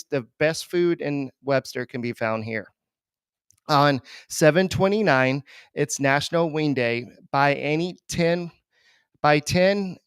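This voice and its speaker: A man with a mid-range voice co-hosts a baseball podcast, talking loosely with plenty of fillers and restarts. His voice is very smooth and clean, and the recording sounds dry and close. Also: medium pitch, no room sound. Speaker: podcast co-host. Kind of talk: casual sports podcast talk.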